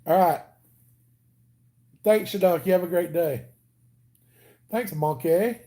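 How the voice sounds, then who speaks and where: A man with a Southern US accent talks in a loose, rambling way as he hosts a casual livestream. His voice sits a little high but stays mellow and soft-edged. He jokes around easily with viewers between their comments. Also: takes it slowly. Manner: rambling, joking, easygoing. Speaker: livestream host.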